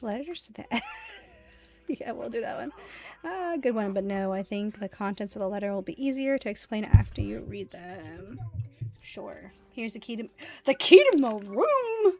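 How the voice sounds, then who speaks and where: A woman's voice: mid-range voice, animated, moderate pace, a little mellow. Chatty woman streaming a game. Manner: chatty, laughs often, reads game lines aloud. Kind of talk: casual gaming stream chat.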